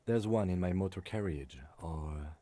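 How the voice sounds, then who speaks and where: A measured police lieutenant speaks in a calm, dry, practical way in a video game. His voice is low and mellow. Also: no room sound. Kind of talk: game voice acting.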